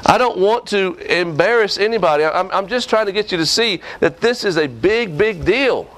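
A man's voice: sits high, animated, moderate pace, fairly bright tone. Folksy preacher man. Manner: folksy, scolding, asks the congregation questions. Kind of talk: sermon.

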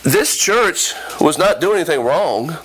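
High, lively-voiced man preaching. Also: unhurried, low-quality recording. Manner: animated, emphatic preaching with repeats and acted quotes. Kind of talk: sermon. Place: church before a responding congregation.

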